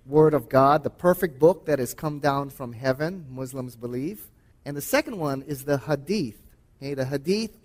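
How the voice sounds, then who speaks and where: Male Bible teacher, slightly higher voice, conversational, with long hall reverb. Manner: conversational, often says okay and uh. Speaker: teacher and radio host.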